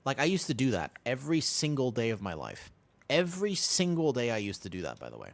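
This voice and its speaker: Lively young man chatting while gaming. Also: medium pitch, fairly quick, gravelly. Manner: rambling, self-interrupting storyteller, repeats himself. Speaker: streamer. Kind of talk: casual gaming stream chat.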